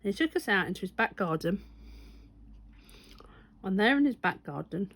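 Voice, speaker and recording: A woman's voice: mid-range voice, animated, normal speed, a bit bright, no echo. A woman telling a rambling, amused anecdote in a casual vlog, often correcting herself as she goes. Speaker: stitching vlogger.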